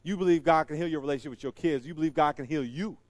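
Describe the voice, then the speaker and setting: Preacher guy, kinda high voice, jokey and animated, goes loud then quiet, dry close sound. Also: racing, no echo. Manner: animated and joking, big swings between loud and quiet. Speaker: pastor. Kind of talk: sermon.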